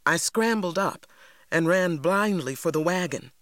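A reader narrating a novel in a measured, dramatic storytelling manner. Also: mid-range voice, lively intonation, fairly bright tone, no echo, clean studio sound. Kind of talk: audiobook narration.

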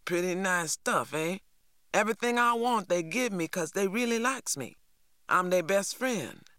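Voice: mid-range voice, animated, unhurried, dry recording, studio quality, voice pushed up. A reader voicing a bragging teenage boy. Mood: boastful. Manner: bragging, wheedling, loud. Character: boastful show-off teenage boy, needy and brash.

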